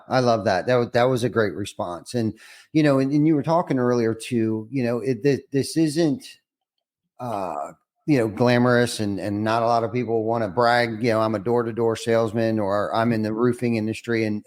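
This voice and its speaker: A man's voice: medium pitch, normal speed, darkish tone. A man hosting a casual podcast interview, earnest and reflective, often restarting his words. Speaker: podcast host.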